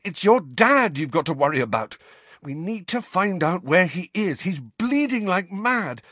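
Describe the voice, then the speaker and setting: A man's voice: sits high, very animated, unhurried, a bit bright, no room sound, pitched above the performer's own voice, heavily acted. A man voicing a frantic teenage boy wizard in pain, panting and urgent as he insists on what he saw. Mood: shaky, pleading.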